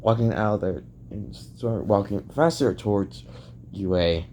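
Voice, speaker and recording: A man improvising a fan-fiction story out loud, rambling and restarting often with lots of filler phrases. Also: on the low side, measured pace, a little hiss or hum.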